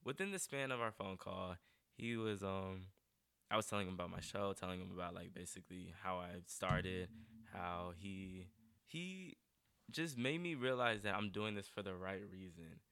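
A man's voice: sits low, moderate pace, pushed and bright, smooth, no echo. A young adult man from North Carolina, a guest artist in a casual interview, talking earnestly and emotionally with lots of "like". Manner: earnest, emotional, heavy use of "like".

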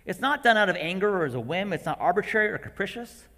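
A man in his forties preaching a sermon to parents, animated and acting out his own outbursts. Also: high-pitched, fast talker. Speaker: pastor. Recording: long hall reverb.

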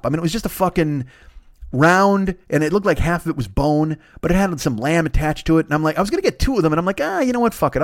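A man's voice: medium pitch, dry recording, clean studio sound. A man hosting a podcast, telling a rambling, profane, self-mocking story in casual chat, with bursts of laughter. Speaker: podcast host. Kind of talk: casual comedic monologue.

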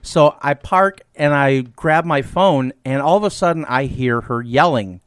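A man co-hosting a podcast, telling a story in casual chat with animated, incredulous delivery. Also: a little high, a little slow, clear, resonant tone, no room sound, clean studio sound. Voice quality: redhead self-described. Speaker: podcast co-host.

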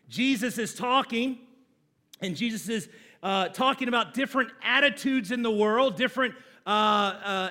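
In a church, a man preaches a sermon and leads call-and-response with the congregation. His voice is very high-pitched, his pacing slow and deliberate, broken by abrupt, loud points of emphasis.

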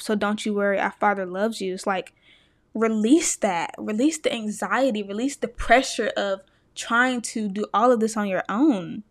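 An earnest young woman talks to her podcast listeners about faith. Her voice sits at a middle pitch and turns emotional as she speaks straight to them. The recording is close and dry. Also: no echo. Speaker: podcast host. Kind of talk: personal faith talk to listeners.

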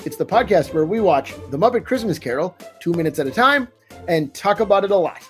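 A man's voice: high voice, lively intonation, a little fast, a bit bright, faint music behind. A man hosting a podcast, leading a casual chat and putting questions to his guests. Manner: leads the talk and poses questions. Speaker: podcast host.

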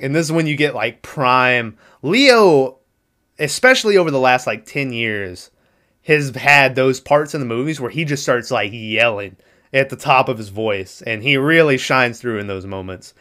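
A young man casually retelling a movie plot on a podcast, animated and swearing freely, acting out the lines. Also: medium pitch, a little slow. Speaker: podcast host recapping a movie. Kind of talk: casual chat.

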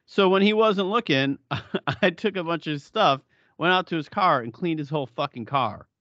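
A man's voice: fairly high pitch, lively intonation, moderate pace, pushed and bright, no echo, highs cut off. A middle-aged man co-hosting a podcast in casual chat, blunt and profane, often laughing. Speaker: podcast co-host.

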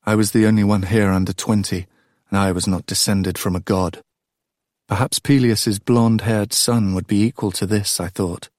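Deep-voiced male audiobook narrator. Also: steady tone, normal speed, darkish tone, dry recording, studio quality. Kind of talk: scripted first-person narration.

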